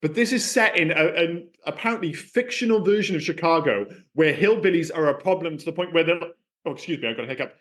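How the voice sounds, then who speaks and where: Animated man riffing on a film podcast. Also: on the high side, quick pace. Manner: animated, swears freely, acts out quips. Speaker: podcast co-host. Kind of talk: casual film review chat.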